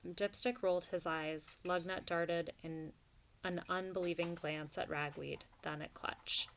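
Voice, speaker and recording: Gravelly low-voiced woman narrator. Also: steady tone, measured pace, fairly bright tone, a little hiss or hum. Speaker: audiobook narrator. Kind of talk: storybook narration.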